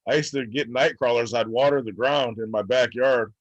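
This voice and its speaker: A middle-aged man with a Detroit accent hosting a casual interview, relaxed and agreeable. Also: mid-range voice, moderate pace, no room sound, dull audio. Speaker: host.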